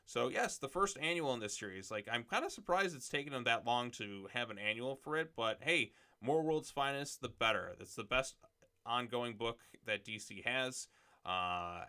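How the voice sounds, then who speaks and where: A man hosting a casual video, reading comic solicitation blurbs aloud and commenting off the cuff in a relaxed way. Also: mid-range voice, moderate pace, clean tone.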